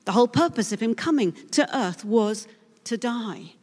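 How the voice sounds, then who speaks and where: A woman preaching a sermon in an earnest, dramatic way, moving between hushed and loud passages. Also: on the high side, lively intonation, moderate pace. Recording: long hall reverb.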